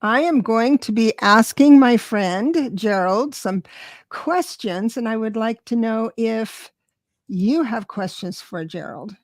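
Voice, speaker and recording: A woman's voice: a little high, slow pace, dry recording, clean studio sound. A woman hosting a live stream, chatting casually and greeting viewers by name. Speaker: livestream host.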